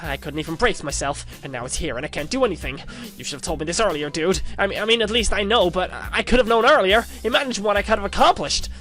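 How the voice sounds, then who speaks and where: A man voicing a paranoid, conspiracy-obsessed young man who rants loudly and frantically. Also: on the high side, lively intonation, fast, faint music behind. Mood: panicked. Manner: frantic, shouty ranting.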